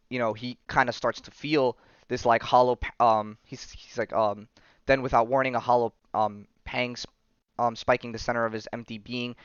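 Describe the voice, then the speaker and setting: A man's voice: mid-range voice, clear, resonant tone, no room sound. A male podcast host casually recapping a comic story, rambling with lots of fillers, on a slightly muffled recording. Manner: rambling, filler-heavy, says "you know" and "right".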